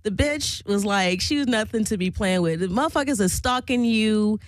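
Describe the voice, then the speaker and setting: A woman tells a wild personal story in a loose, chatty way, packing it with fillers and swearing. She sounds animated and unfiltered, and her voice is close and dry with no room sound. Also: medium pitch, moderate pace, dry recording, rough recording. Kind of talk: casual storytelling.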